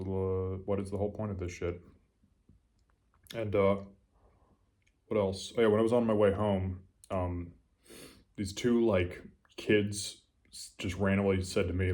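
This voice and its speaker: A slightly drunk man with an American accent, rambling in a quiet late-night monologue, casual and profane. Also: steady tone, normal speed, pauses often. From Los Angeles. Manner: talks low and quiet. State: a little drunk. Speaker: vlogger.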